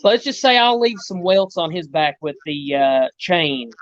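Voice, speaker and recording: A man's voice: fairly high pitch, lively intonation, a little slow, dry recording. A man who is a guest wrestler and champion, cutting a boastful, rambling promo full of trash talk. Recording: dull lo-fi sound.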